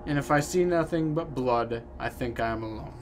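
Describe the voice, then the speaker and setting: A man reading a lonely, melancholy game character's letters aloud in a low, subdued voice. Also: normal speed, slight background noise, lightly acted. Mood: gloomy.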